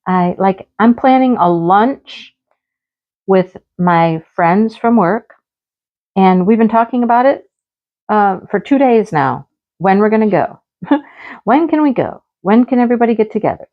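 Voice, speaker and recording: A woman's voice: medium pitch, expressive, a little slow. A middle-aged woman, a teacher, chatting casually in her craft vlog, telling a story with a lot of laughter and acting out the dialogue. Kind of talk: casual chat while crafting. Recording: slightly dull lo-fi audio.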